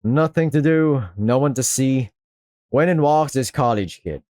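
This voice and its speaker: A man voicing a gruff, fatherly middle-aged male rooster who smokes with a rough, teasing drawl. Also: medium pitch, a little slow, warm tone, dry recording, clean studio sound, natural voice. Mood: storytelling. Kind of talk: voiced visual novel reading.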